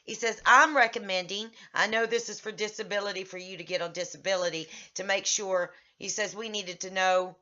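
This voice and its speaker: A middle-aged woman vlogging about a therapy session, agitated and venting, her voice rising in loud bursts. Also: medium pitch, fairly even intonation, brisk, hardly any pauses. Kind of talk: personal vlog recounting. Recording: slightly dull lo-fi audio.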